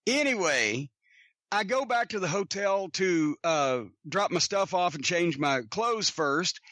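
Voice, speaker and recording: A man with a high, bright voice tells long, rambling stories packed with swearing. He sounds close and dry, with no room around him, in a loose, casual podcast delivery. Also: expressive, unhurried, no echo. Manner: profane, rambling anecdotes. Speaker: podcast host. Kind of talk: casual storytelling.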